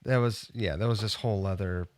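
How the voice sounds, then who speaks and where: This punk guitarist, guesting on a podcast, speaks brisk and lowish with no room sound at all. He tells a lengthy, lively story, performing the voices of whoever he's quoting.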